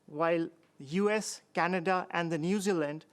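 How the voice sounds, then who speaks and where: A man in a studio audience reading out a prepared question formally and deliberately. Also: on the high side. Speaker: audience member asking a question.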